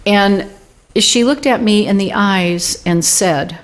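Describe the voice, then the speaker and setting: A woman in her sixties, director of a UFO group, appears as an interview guest. With a medium-pitched voice and a slow pace, she tells a personal story animatedly, acting out the quoted dialogue.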